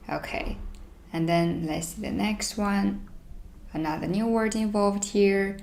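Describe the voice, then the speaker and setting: A woman teaching a beginners' Mandarin lesson, reading each sentence twice slowly and explaining it in English. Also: mid-range voice, creaky, a little mellow. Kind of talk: language lesson.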